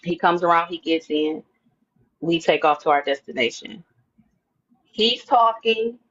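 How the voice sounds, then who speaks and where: A woman telling a lively personal story in an interview, acting out her own thoughts and the other people's words. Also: on the low side, unhurried, dull audio. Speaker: interview guest. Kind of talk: animated storytelling.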